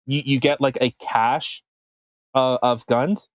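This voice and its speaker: A man's voice: mid-range voice, fairly even intonation, no echo, muffled recording. Ranting man, dry mic. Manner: ranting, profane, halting restarts. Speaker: podcast co-host. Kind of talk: casual comedic political chat.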